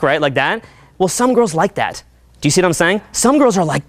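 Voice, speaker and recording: A man giving a live seminar talk as a dating coach. He talks in a profane, energetic, chatty way and keeps checking in with the crowd. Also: sits high, brisk, no echo.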